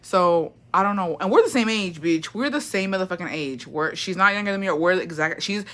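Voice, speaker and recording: Bright-voiced, foul-mouthed woman livestreamer. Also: on the low side, lively intonation, brisk, slight background noise. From Mexico. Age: 20s. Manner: chatty, profane, gossipy, reads chat aloud. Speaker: livestream host. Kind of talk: casual storytime livestream.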